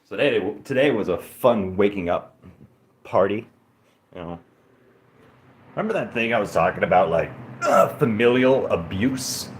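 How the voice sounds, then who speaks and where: A man's voice: lowish voice, animated, normal speed, roomy sound. A man streaming casually from an apartment, rambling and self-deprecating, cooing at a cat between thoughts. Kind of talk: casual livestream chat. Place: indoors in an apartment.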